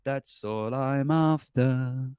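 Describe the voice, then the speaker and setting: A man's voice: mid-range voice, drawn-out words, a little mellow, smooth, no echo. A man hosting a casual livestream, rambling and chuckling as he reads out viewer comments. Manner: chuckling, rambling, self-mocking. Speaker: livestream host.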